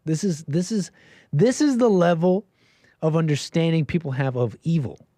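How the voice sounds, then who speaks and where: Man on a solo stream, ranting, lots of restarts and loud spikes; voice sits a bit high and sounds dry and close. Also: dry recording. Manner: animated, rapid restarts, sudden loud bursts. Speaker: livestream host. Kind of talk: ranting commentary.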